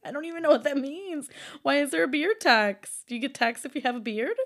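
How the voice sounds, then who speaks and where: A young woman vlogging alone through a quiz, chatting casually to viewers, thinking out loud, stumbling over hard words and often breaking into giggles. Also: sits high, fairly quick. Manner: giggly, bursts into loud laughter. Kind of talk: casual chat to camera.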